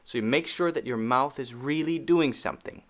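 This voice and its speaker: A man's voice: medium pitch, moderate pace, fairly bright tone. A man teaching pronunciation, speaking patiently and repeating sounds over and over to demonstrate them. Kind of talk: spoken lesson.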